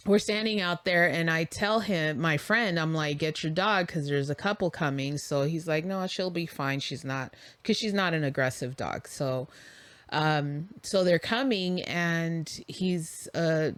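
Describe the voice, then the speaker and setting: A woman's voice: low voice, measured pace, no echo. A woman co-hosting a casual talk show, telling a story and acting out the dialogue. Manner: animated, acts out quoted dialogue. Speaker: podcast co-host.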